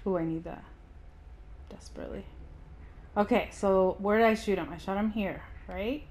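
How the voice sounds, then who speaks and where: A woman giving anxious let's-play commentary, yelping and shouting at enemies. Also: medium pitch, brisk, a little hiss or hum. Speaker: gaming streamer.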